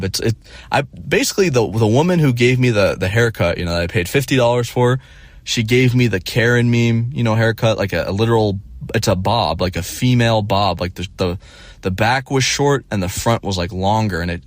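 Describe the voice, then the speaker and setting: A man's voice: on the low side, no echo. A man in his twenties telling a story casually, rambling and profane with many restarts. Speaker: streamer.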